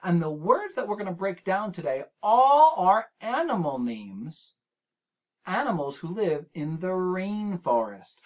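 A male children's show host leads a preschool word game in an unhurried, drawn-out delivery. He talks gently to the young viewer at home, sounding out each syllable and encouraging every try. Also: on the high side. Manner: speaks straight to the young viewer. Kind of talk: preschool lesson.

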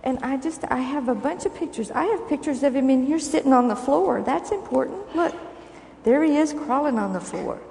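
A woman's voice: high-pitched, lively intonation, moderate pace, creaky, darkish tone, slight background noise. An older woman giving a children's sermon in a church, coaxing and asking the children questions. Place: church sanctuary. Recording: echoey church hall recording.

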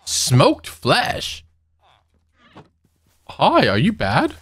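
A man's voice: on the high side, wildly swooping pitch, extremely slow, long pauses, a bit bright, slightly rough, no echo. A young man giving casual let's-play commentary, nervous and giggly, talking to the monsters he meets. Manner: nervous, giggly, talks to mobs. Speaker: gaming youtuber.

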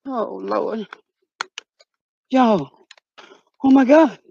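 A woman, hamming up a comic vlog outdoors, playing scared and shouting out calls. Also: on the high side, extremely slow, creaky, lo-fi sound, a little hiss or hum. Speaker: vlogger. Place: outdoors in the cold.

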